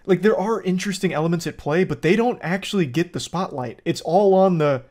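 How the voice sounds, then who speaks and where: A man's voice: high-pitched, brisk, darkish tone. A young man giving casual, rambling commentary on a TV show, crude and amused. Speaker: show reviewer.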